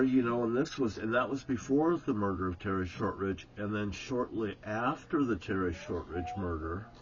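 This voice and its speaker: A man rambles through an old story, swearing freely and chuckling as he goes. His voice sits at a middle pitch. The recording sounds slightly dull, with faint noise in the background. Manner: rambling, profane, breaks into chuckles. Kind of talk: casual spoken storytelling.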